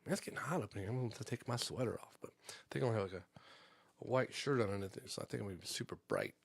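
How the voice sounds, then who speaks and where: A man hosting a comedy podcast live stream from home, telling a rambling, profane story in a casual, animated way. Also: lowish voice, very fast, gravelly, husky, no echo. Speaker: podcast host.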